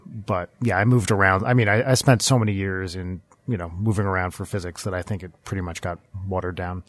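Low-voiced man, mild Northeastern accent. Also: steady tone, a little fast, dry recording. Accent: mild generic Northeastern US. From North Jersey. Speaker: guest, former physics professor. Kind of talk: casual podcast chat.

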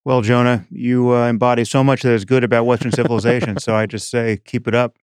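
A man's voice: mid-range voice, flat delivery, fast, smooth, no room sound. A man hosting a podcast interview, mostly giving brief affirming murmurs. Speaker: podcast host. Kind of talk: casual interview chat.

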